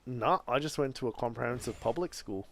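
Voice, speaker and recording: A man's voice: mid-range voice, brisk, a bit bright, a little hiss or hum. A man with an Australian accent chatting casually, telling long stories with frequent restarts. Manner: rambling storyteller, frequent restarts. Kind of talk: casual chat.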